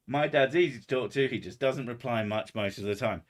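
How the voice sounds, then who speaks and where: A man's voice: mid-range voice, brisk, hardly any pauses. A man chatting casually on a livestream, rambling and sardonic, with heavy swearing. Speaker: streamer.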